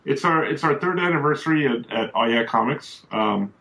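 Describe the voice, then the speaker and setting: A man's voice: mid-range voice, lively intonation, normal speed, a bit bright, poor audio. A comic shop owner, a man, chatting in an easygoing, plain way. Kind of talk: casual chat.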